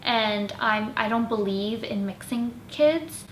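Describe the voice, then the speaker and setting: A woman's voice: on the high side, slow pace, a little hiss or hum. A woman quoting her ex-roommate, a blunt and self-absorbed young woman, in a room with echo. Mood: matter-of-fact. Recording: echoey room.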